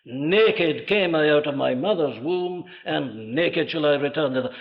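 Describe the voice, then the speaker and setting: An older Welsh man preaches a sermon full of emphatic rhetorical questions and dramatic vocal swells. His voice is fairly high and expressive, unhurried yet with hardly any pauses. It comes from a dull, lo-fi archive sermon recording.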